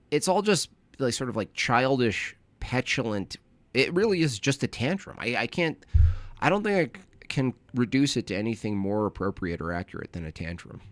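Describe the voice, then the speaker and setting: A man's voice: mid-range voice, fairly bright tone, no room sound. A man giving sarcastic live commentary while reacting to protest footage, rambling and mocking as he goes.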